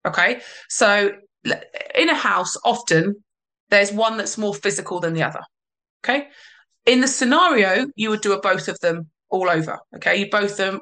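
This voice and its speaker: A woman, a parenting coach giving advice in a podcast interview, explaining calmly with emphatic repeats. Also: mid-range voice, normal speed, gravelly.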